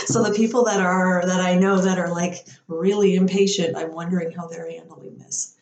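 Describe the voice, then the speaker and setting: A woman's voice: fairly low pitch, steady tone, moderate pace, darkish tone, a little hiss or hum. A woman telling rambling everyday stories in a casual chat, laughing often and acting out the people she quotes. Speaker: podcast speaker. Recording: roomy echo.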